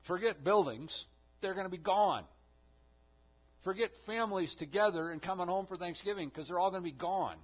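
A man preaching a sermon with emphatic delivery, rising to loud declarations and dropping to hushed low lines. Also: normal speed, breathy edge, dull audio. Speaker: pastor.

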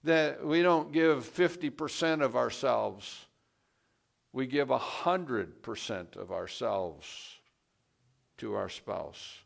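A man preaching a sermon, slow and deliberate, pressing hard on key words for emphasis. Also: mid-range voice, animated, vocal fry. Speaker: pastor.

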